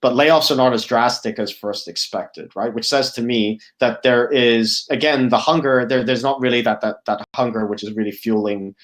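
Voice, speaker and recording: Male guest speaker, casual presenting voice, lots of "um" and "right?", mid-range pitch. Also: normal speed, few pauses. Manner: thinking aloud, many fillers and restarts, tag "right?". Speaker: guest speaker, product officer. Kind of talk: conference presentation.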